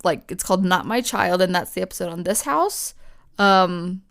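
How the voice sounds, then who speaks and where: A woman's voice: fairly low pitch, lively intonation, normal speed, gravelly, fairly bright tone. A young woman co-hosting a podcast, telling a story in casual chat, chatty and swearing freely with lots of fillers. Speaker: podcast co-host.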